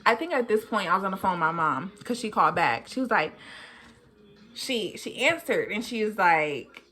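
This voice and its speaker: A young woman vlogger telling a personal story casually, jumping high in pitch to act out what people said. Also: normal speed. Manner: animated, jumps high in pitch when acting out what people said.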